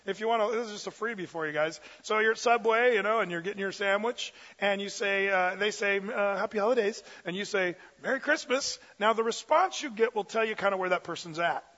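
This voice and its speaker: High bright-voiced man preaching. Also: a little fast, hardly any pauses, in a large hall, dull audio. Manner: energetic and conversational, many fillers. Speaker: pastor. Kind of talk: sermon.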